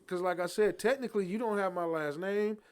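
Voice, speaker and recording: An older man in his sixties is co-hosting a podcast and is plainly fired up. He argues hard and swears freely, and his voice sits fairly high for a man. He presses his point with an emphatic, heated edge. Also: a little fast, clean tone. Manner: passionate, emphatic, profane. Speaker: podcast co-host. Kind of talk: heated casual debate.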